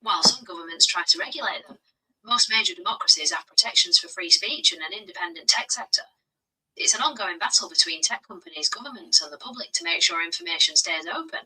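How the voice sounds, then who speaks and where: A synthetic woman's voice answering as an AI chat assistant in a measured, agreeable way. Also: fairly low pitch, lively intonation, pushed and bright, slightly rough, recorded from a distance, low-quality recording. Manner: measured, agreeable, calls the user bro. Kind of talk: polite explanatory answers.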